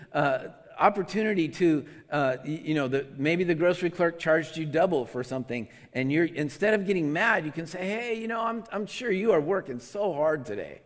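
Man preaching in a reverberant hall. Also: medium pitch. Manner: earnest, conversational, many restarts. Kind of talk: devotional teaching.

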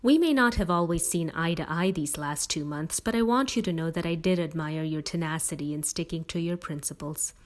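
A woman's voice: deep voice, brisk, few pauses, close to an everyday voice. A woman voicing a cheerful, teasing middle-aged father in a storybook reading. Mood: earnest. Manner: warm, teasing.

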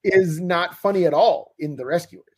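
A man's voice: high-pitched, moderate pace. A man co-hosting a podcast, chatting casually with opinionated, wry remarks. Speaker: podcast co-host. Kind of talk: casual chat.

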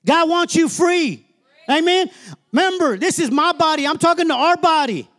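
High-voiced, emphatic male preacher. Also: lively intonation, normal speed, fairly bright tone. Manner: emphatic, colloquial, repeats "Amen?" to the congregation. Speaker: minister. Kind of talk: sermon.

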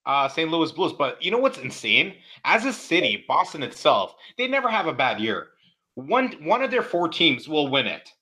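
A man's voice: on the high side, big pitch swings, moderate pace, sharp tone. A man co-hosting a sports podcast, talking playfully in slang with lots of fillers. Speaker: podcast co-host. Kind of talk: casual sports podcast chat.

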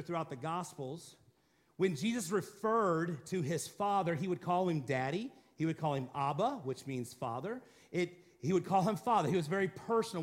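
A man preaching a dramatic sermon to a congregation, rising and falling between intense and quiet, low passages. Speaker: pastor.

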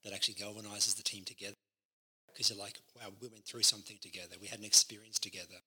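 Man, pastor, podcast co-host, husky voice, very bright tone, animated teaching. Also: on the low side, fast. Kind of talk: casual ministry podcast chat.

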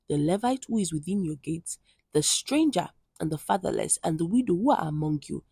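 Woman, low-pitched, breathy-husky, dry close recording, scripture reading with earnest asides. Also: warm tone, no room sound. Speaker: Bible devotional reader.

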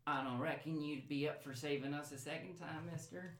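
A sheepish little frontier boy with a high, pleading voice and folksy grammar, as a man game master puts him on. He sounds hopeful and a bit wary. The sound is roomy and echoey. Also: fairly even intonation, a little fast, lightly acted.

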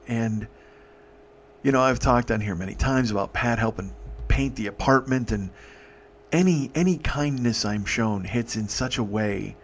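A man's voice: lowish voice, slight background noise. Emotional man telling a story. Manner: emotional, profane, halting with restarts. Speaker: podcast host. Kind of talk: personal storytelling.

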